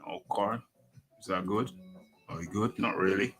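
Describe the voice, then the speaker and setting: A man's voice: on the low side, moderate pace, sharp tone, soft background music. A man hosting a casual boxing talk live stream, rambling to himself and reading an article aloud. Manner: rambling, talks to himself and calls himself by name in the third person. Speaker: boxing talk show host.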